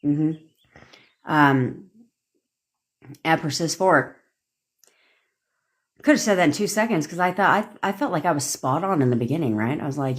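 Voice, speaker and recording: A young woman with a low, deep-set voice rants to her livestream viewers, talking bluntly and swearing freely. She laughs often between points and speaks into her phone. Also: expressive, normal speed, pauses often. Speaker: manifestation coach. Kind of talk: livestream rant.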